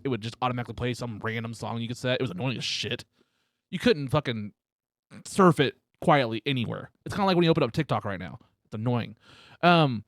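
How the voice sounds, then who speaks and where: A man hosting a casual podcast, telling crude stories loudly and teasing his guest. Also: mid-range voice, dry recording, clean studio sound. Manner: loud, teasing, swears a lot. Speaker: podcast host. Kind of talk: casual chat, crude storytelling. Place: room at home.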